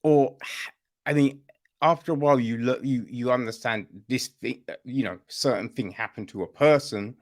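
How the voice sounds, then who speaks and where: A man's voice: mid-range voice, moderate pace. A man hosting a podcast, casually talking through a play he watched and often checking in with "right?" and "you know?". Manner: conversational, keeps asking "right?" and "you know?"; apologizes to listeners after a coughing fit. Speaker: podcast host reviewing a play. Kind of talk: casual spoken review.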